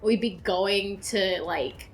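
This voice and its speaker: A woman's voice: mid-range voice, slow. A young woman co-hosting a casual chat, telling stories in a rambling, giggly way with lots of fillers. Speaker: host's girlfriend, co-host.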